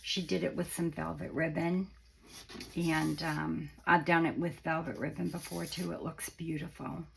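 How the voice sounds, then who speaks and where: A woman hosting a casual, chatty craft tutorial with a croaky voice, explaining steps as she goes and correcting herself along the way. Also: deep voice, flat delivery, moderate pace, a little hiss or hum, poor audio. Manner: chatty, meandering, self-correcting. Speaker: craft channel host.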